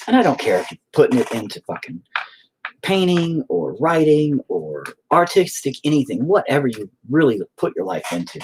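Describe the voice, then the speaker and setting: A man's voice: on the high side, sing-song, moderate pace, slight background noise. A middle-aged man, a musician, talking frankly to his stream chat in a rambling, heavily profane way. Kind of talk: casual confessional livestream monologue.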